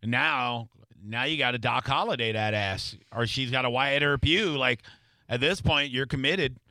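Man, talk show host, bright tone, dry close sound, casual storytelling. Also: mid-range voice, normal speed, no echo. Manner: storytelling, wry and boastful. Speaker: podcast host. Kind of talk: casual chat.

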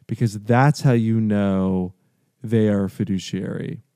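A middle-aged man hosting a radio talk show, pitching his services in an earnest, repetitive, salesy way. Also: steady tone, unhurried, warm tone, clean tone, no echo, studio quality. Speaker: radio show host and financial advisor.

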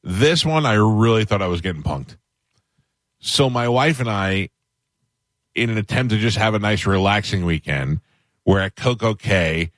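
A man hosting a talk radio show, telling a funny story and mimicking loud people in a raised voice. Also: moderate pace, dry recording. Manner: animated, acts out other people's shouting in a higher voice.

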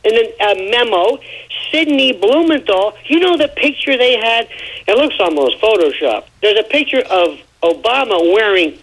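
An opinionated male radio commentator talks in an emphatic, rambling way. His voice is husky and sits fairly high for a man. His pitch swoops a great deal as he tells stories. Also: moderate pace, rough recording. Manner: emphatic, rambling, animated storytelling.

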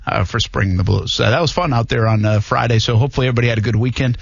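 A man hosting a sports radio show, relaxed and joking as he moves between segments. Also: medium pitch, rapid-fire, gravelly, slightly rough, dry recording, highs cut off. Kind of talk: casual radio banter.

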